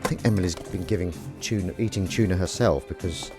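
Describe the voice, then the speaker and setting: A man's voice: low voice, a little fast, music in the background. A man live-streaming, chatting casually and rambling to himself and his viewers with self-mocking asides.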